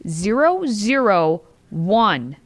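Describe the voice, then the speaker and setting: A woman's voice: medium pitch, very animated, extremely slow. A woman hosting a casual political talk show, summarizing news items with lots of laughter and banter. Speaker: host.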